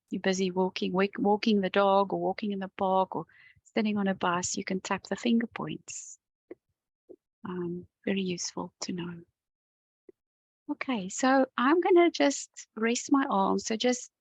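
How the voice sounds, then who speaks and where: Calm gravelly-voiced woman tapping coach. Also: medium pitch, no room sound, low-quality recording. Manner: gentle, calm, talks the viewer through each step. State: yawning and sighing as she relaxes. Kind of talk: guided tapping session to camera.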